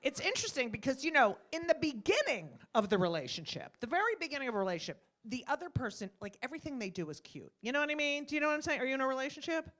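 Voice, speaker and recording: A woman's voice: sits high, racing, hardly any pauses. A middle-aged woman doing a stand-up comedy set in a club, brash and profane, acting out little scenes with voices. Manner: brash, animated, acts out voices, swears freely.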